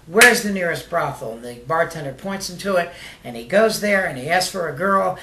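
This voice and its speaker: A joke teller spinning rambling shaggy-dog jokes in a casual voice, dropping fillers and asides as they go. The tone is bright and clear. The sound is roomy and echoey. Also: mid-range voice, expressive, a little fast. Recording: echoey room.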